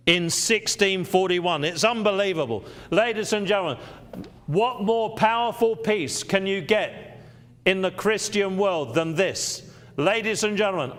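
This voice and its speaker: A man's voice: high voice, a bit bright, clean tone. A man working as an auctioneer on a live stream, selling with persuasive patter and repeating the key points to his bidders.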